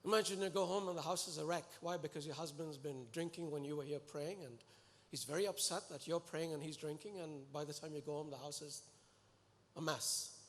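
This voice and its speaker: Guy preaching in a big hall, earnest and pleading, voice a bit high, lots of echo. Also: brisk. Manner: earnest and animated, pleading and exhorting the congregation. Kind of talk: sermon. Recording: echoey hall with long reverb.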